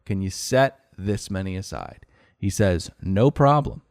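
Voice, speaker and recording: A man's voice: sits low, expressive, unhurried, darkish tone, dry recording, clean studio sound. A man co-hosting a podcast, telling a story in a casual, exasperated way and swearing freely. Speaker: podcast co-host.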